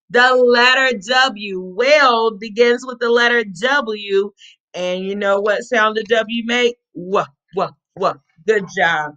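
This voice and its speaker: A woman's voice: fairly high pitch, sharp tone. A woman teacher reading a picture book aloud to young children, prompting letter sounds and praising them. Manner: encouraging, drawn-out letter sounds, sing-song prompts. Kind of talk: read-aloud phonics lesson for young children.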